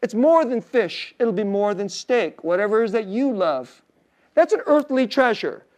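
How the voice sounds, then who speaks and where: A male pastor preaching a sermon in a casual, storytelling way, full of fillers and soft laughs, dropping to a hushed tender voice on emotional points. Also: high voice, expressive, moderate pace, dull audio.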